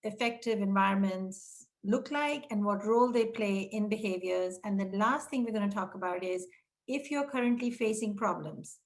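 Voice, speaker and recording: A middle-aged woman presenting a training webinar for childcare leaders, speaking directly to listeners and acting out short quoted exchanges. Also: moderate pace. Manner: breaks into quoted dialogue with raised pitch. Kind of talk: webinar teaching talk.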